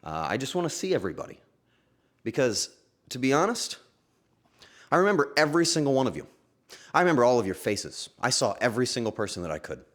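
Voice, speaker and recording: A man streaming casually from home, talking to his chat in an emotional, halting way and breaking into sudden excited outbursts. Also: mid-range voice. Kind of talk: casual livestream chat to viewers.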